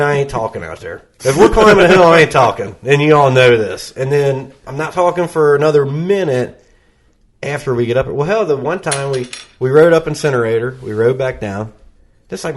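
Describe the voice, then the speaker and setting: A man sits in on a casual podcast chat as a guest. His voice sits at an ordinary pitch. He tells stories loosely, pokes fun at himself and breaks into laughter often. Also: expressive, a little fast. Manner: self-deprecating, storytelling, laughs often.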